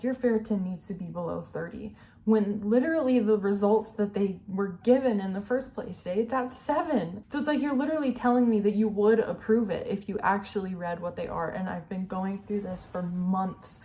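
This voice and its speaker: A woman's voice: medium pitch, dark tone. A young adult woman speaking candidly and emotionally in a personal vlog, full of "like" and "you know". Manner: earnest, emotional, filler-heavy with "like" and "you know". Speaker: vlogger.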